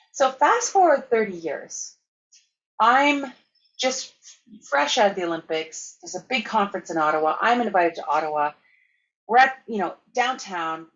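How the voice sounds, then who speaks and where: A woman from Canada giving a conference keynote, telling lively anecdotes with laughter. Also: mid-range voice, highs cut off. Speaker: keynote speaker. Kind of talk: storytelling conference talk.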